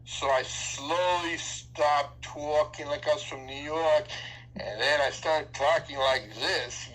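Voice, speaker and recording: A man's voice: a little high, steady tone, takes it slowly, fairly bright tone, slight background noise, low-quality recording. An older man from Seattle, a radio DJ guest telling reflective stories in a casual interview and laughing easily.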